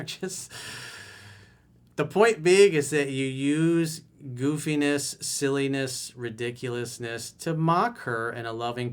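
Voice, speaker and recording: Blunt casual male dating coach. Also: medium pitch. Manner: blunt, casual, direct advice. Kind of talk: video newsletter, reading and answering viewer emails.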